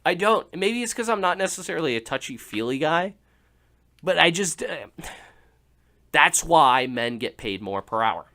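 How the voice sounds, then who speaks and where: A young man hosts a casual radio talk show with a sharp, bright tone that sits a little high for a man. He rambles through jokes and breaks into laughter. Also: sing-song, normal speed. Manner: joking, rambling with laughs and restarts. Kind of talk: casual comedic monologue.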